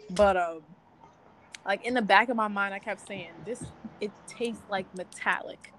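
A woman's voice: mid-range voice, unhurried, fairly bright tone, a little hiss or hum. A young woman in casual podcast chat, telling a candid, rambling story full of fillers.

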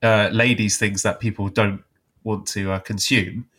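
A man's voice: lowish voice, level tone, a little slow, fairly bright tone, breathy edge. A man hosting a casual comedy podcast, joking in a dry, self-deprecating way. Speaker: podcast host.

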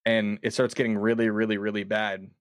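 A man casually telling a long story, animated and quoting himself often with words like "dude". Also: on the low side, fairly quick, no echo, clean studio sound. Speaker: podcast guest.

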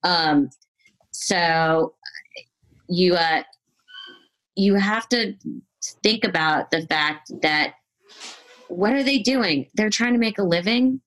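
Woman, kinda low voice, frank chatty storyteller. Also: slow pace, pauses often, poor audio. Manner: candid, self-critical, animated storytelling. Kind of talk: casual chat.

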